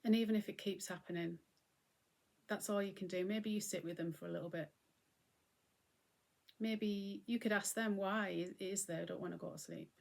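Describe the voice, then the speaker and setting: A middle-aged woman giving a gentle, conversational talk on mindfulness and acceptance as host. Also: medium pitch, fairly even intonation, moderate pace, vocal fry, long pauses. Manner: gentle, conversational, often acting out what she would say.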